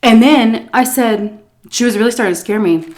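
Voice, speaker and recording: A woman telling a casual story-time tale as a food vlogger, animated and full of fillers, acting out scenes as she goes. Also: fairly high pitch, moderate pace. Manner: animated, lots of fillers and laughs, acts scenes out.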